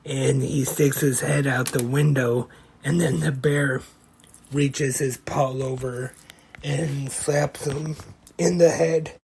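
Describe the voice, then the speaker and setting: Slow, gravelly, husky-voiced man. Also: medium pitch, steady tone, a little mellow, slight background noise. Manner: slow, plain play-by-play retelling. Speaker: podcast host. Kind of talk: casual recap of a comedy short.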